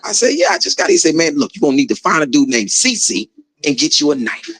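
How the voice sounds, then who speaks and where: A man casually telling a story about his time in prison, slangy and animated, acting out the other people's voices and laughing along. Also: fairly high pitch, brisk, husky, low-quality recording.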